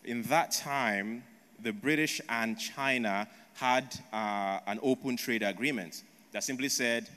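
A male preacher delivering a sermon as a story, asking rhetorical questions and checking in with "right?" along the way. His voice sits at an ordinary male pitch, and the long reverb of a large hall trails behind every phrase. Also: takes it slowly, sharp tone.

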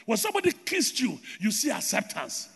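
A man preaching a sermon with loud shouted declarations and rhythmic repetition, recorded in a large reverberant hall. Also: high-pitched, wildly swooping pitch, fairly quick, creaky, slightly rough.

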